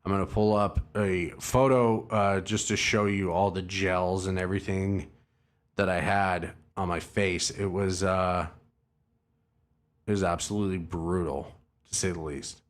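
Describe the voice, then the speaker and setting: A man's voice: low-pitched, fairly even intonation, measured pace. A man hosting a livestream, telling a long, rambling, profane and self-mocking story to his chat. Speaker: livestream host. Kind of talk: casual storytelling to a live chat.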